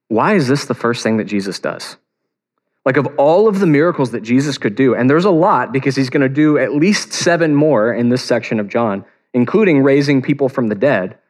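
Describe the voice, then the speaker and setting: Man preaching a conversational sermon. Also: mid-range voice. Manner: conversational, earnest, slows for emphasis. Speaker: pastor.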